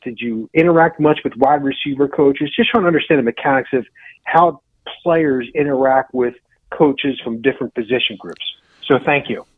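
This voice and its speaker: A man's voice: mid-range voice, normal speed, husky, no echo. Polite male caller on a tinny phone line. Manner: polite, curious questioner. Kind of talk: call-in question.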